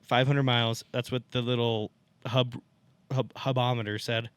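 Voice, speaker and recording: A man's voice: mid-range voice, flat delivery, moderate pace, smooth, no room sound. A man on a podcast, chatting casually and telling a rambling, profane work story that he keeps laughing at. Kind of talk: casual chat.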